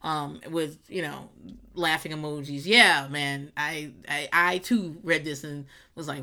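A woman hosting a casual solo podcast, rambling and swearing, laughing often and jumping into squealing high voices when she quotes people. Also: fairly even intonation, measured pace, pushed and bright. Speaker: podcast host. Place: garage.

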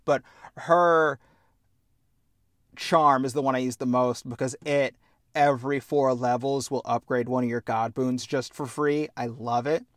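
A man's voice: mid-range voice, steady tone, unhurried, fairly bright tone, dry recording, studio quality. A young man hosting a podcast, chatting casually and enthusiastically, swearing freely as he tells stories. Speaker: podcast host. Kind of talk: casual chat.

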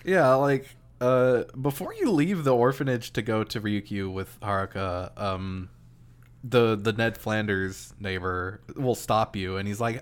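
A man in casual chat recapping a video game, relaxed and jokey. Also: lowish voice, measured pace, clean tone.

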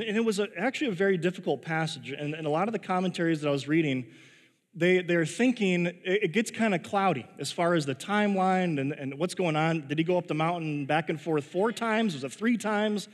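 A man preaches a sermon in a church sanctuary, his slightly high voice trailing a long hall reverb. He talks in a loose, chatty way, restarting his sentences and laughing at his own stories. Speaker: pastor. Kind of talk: sermon with personal storytelling.

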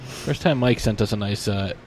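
A man's voice: lowish voice, normal speed, a little mellow, slight background noise. Easygoing male podcast host. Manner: rambling, many ums and uhs, easygoing. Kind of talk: casual podcast chat.

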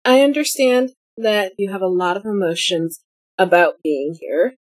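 A woman voicing a calm, earnest companion who speaks in soft, measured, formal phrases. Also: medium pitch, dry recording, pitched below the performer's own voice, close to an everyday voice. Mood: placid.

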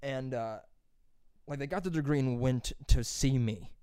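Here a young man's clear, resonant, medium-pitched voice runs a little slow as he rambles through a long story in relaxed podcast conversation. Profanity comes often, quoted dialogue gets acted out with lively energy, and the studio-quality audio has no echo.

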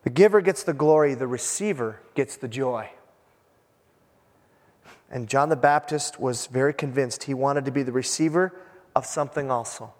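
A male pastor preaching a sermon in an animated, joking way, acting out little scenes for the congregation. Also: mid-range voice, normal speed, long reverb tail. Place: church sanctuary.

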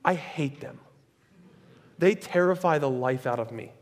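A male pastor preaching a sermon in a conversational, animated way, with chatty asides. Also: mid-range voice, a little slow. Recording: echoey hall with long reverb.

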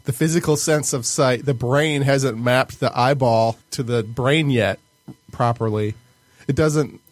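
Earnest man pitching an idea, dry sound. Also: a little slow, dry recording. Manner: earnest, explains at length with restarts. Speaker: podcast co-host pitching an idea. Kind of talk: casual podcast banter.

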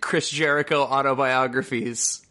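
A man's voice: mid-range voice, fairly even intonation, unhurried, sharp tone. A man co-hosting a podcast in casual chat, joking around and swearing casually. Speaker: podcast co-host.

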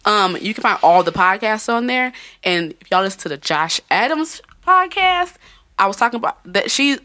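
A woman's voice: mid-range voice, expressive, normal speed, pushed and bright. A woman hosting a casual podcast, talking loosely, swearing and laughing often. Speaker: podcast host.

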